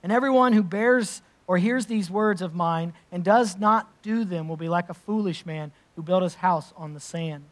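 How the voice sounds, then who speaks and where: A pastor delivers a sermon in a slightly high male voice. He moves between scripture reading and emphatic, conversational explanation. He adds casual asides as he preaches. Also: moderate pace, hardly any pauses.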